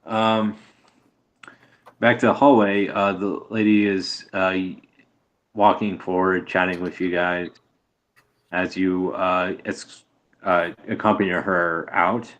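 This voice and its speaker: Brief: low male game master, hesitant, filler-heavy narration. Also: level tone, a bit bright. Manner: halting, many fillers.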